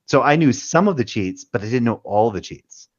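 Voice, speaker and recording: On a panel, a veteran of the military spins rambling, profanity-laced stories in casual conversation. He has an animated, mid-range voice at a moderate pace, with the highs cut off.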